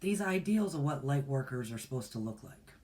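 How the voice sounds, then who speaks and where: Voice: medium pitch, animated, fairly quick, a little mellow. A host in their forties chats on a livestream about meditation and spiritual practice. The delivery is folksy and rambling, full of restarts and asides to viewers. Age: 40s. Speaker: meditation teacher and channel host. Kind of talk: casual livestream talk.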